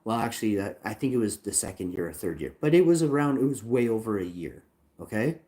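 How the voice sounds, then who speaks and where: A man's voice: fairly low pitch, sing-song, fast, dark tone. A man ranting angrily on a livestream about a support chat, swearing, repeating himself and reading chat lines aloud. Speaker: channel owner livestreaming a complaint. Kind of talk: angry livestream rant.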